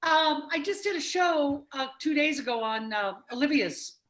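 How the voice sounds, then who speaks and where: A woman's voice: sits high, animated, moderate pace, a bit bright. A woman contestant on a video call game show, blunt and wisecracking in casual chat.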